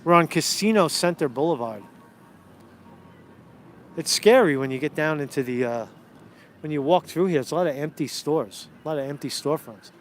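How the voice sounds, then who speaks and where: A man's voice: fairly high pitch, animated, moderate pace, pauses often, a little hiss or hum. A man giving casual political commentary on a live stream while walking outdoors on a city street, ranting and profane, rambling through many restarts and a little winded. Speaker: political vlogger.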